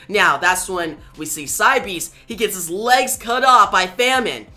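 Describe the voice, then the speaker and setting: Bright-voiced comic book recap host. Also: mid-range voice, expressive, unhurried, few pauses, faint music behind. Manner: eager storytelling, reads character quotes aloud. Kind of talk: casual comic recap narration.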